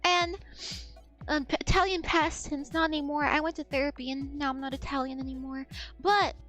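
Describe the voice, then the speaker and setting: A woman's voice: sits high, fairly even intonation, a little fast, fairly bright tone, soft background music. A woman in her twenties chatting casually as a streamer, rambling, losing her thread and swearing freely. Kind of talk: casual chat.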